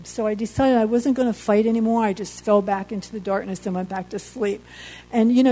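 A woman telling her personal faith testimony about surviving an accident, earnest and halting, sometimes emotional. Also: medium pitch, warm tone, low-quality recording.

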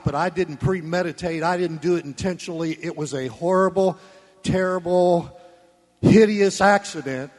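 Man preaching, blunt and folksy, slightly high voice, echoing church hall. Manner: folksy, blunt, swings between loud emphasis and soft asides. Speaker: pastor. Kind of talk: sermon. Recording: long reverb of a church hall.

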